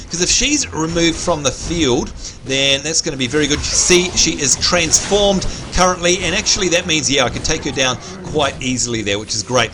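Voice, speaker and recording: Aussie guy hosting a game stream, upbeat play-by-play, bit of a high voice, kinda hoarse. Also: noisy background. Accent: Australian. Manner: chatty, upbeat play-by-play, addresses viewers as folks. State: slightly hoarse, clearing his throat. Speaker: livestream host and game commentator. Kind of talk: live gameplay commentary.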